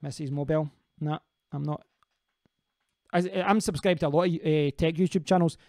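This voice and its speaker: A man's voice: a little high, steady tone, moderate pace, darkish tone, no echo, studio quality. A man hosting a casual live stream, rambling as he answers viewers' comments and often restarting his sentences.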